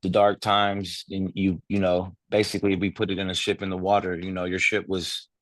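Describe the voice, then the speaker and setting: Low, flat-voiced man in his thirties. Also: a little fast, dry recording. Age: 30s. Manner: rambling, with many filler phrases and some swearing. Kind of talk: casual personal sharing.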